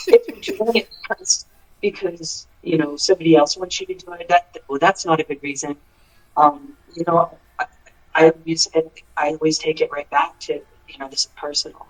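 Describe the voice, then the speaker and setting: This low-quality recording captures a male country singer from the United States, his pitch fairly high and a bit bright. Guesting in a casual interview, he talks earnestly and thoughtfully, with frequent restarts and fillers like "um" and "you know."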